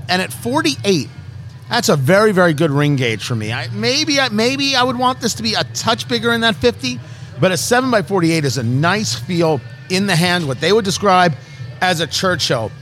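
High-voiced joking man from the East Coast. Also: lively intonation, moderate pace, a bit bright, faint music behind. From Brooklyn and New Jersey. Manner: brash, joking, showman-like teasing. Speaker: podcast host. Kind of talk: casual cigar review chat.

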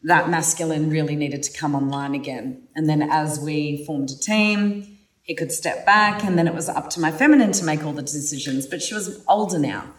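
A woman's voice: low-pitched, normal speed. Brief: frank woman podcaster, casual storytelling, echoey room, mic set back. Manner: candid, animated, swears freely. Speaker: podcast host. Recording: roomy sound from a distant mic.

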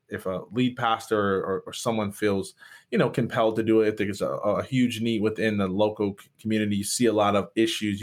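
A young man from Michigan, a pastor, telling his story as a podcast guest in an earnest, animated way with frequent restarts. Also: on the low side. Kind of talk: candid storytelling and conversation.

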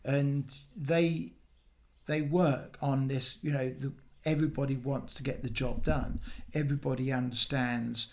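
Guy on a podcast, chatty, lots of ums and restarts, middle pitch. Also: steady tone, a little mellow, slight background noise. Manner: chatty, halting with fillers and restarts. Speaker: podcast co-host. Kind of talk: casual chat.

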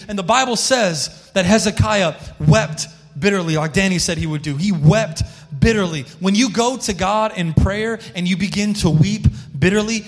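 A man's voice: high voice, normal speed, hardly any pauses. A male pastor preaching a sermon with passion, calling on people in the congregation by name. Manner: impassioned, calls on listeners by name. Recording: long hall reverb.

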